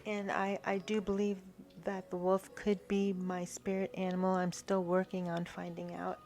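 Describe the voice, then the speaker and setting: A woman giving a spiritual tarot reading to her viewers. She talks haltingly, repeats herself and often checks in with "right?". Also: lowish voice, completely flat delivery, a little mellow, faint music behind. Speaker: tarot reader.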